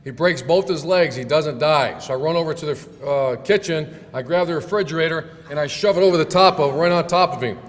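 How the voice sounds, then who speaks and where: A man's voice: a little high, a little fast, few pauses, lightly acted. Hard-luck man pleading at heaven's gate, as a man tells it, piling up mishaps, echoing hall. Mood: aggrieved. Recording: long hall reverb, faint room noise.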